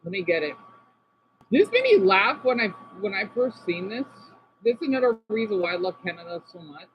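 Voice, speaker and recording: A man's voice: high voice, big pitch swings, brisk. A man chatting casually as a vlogger, reacting to videos with rambling, apologetic, playful asides. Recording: slightly dull, faint background noise.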